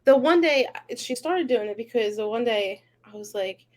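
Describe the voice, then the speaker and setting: A woman's voice: on the high side, expressive, moderate pace. A young woman co-hosting a podcast, casually telling funny stories about her daughter between laughs. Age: young adult. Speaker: podcast co-host. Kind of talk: casual chat.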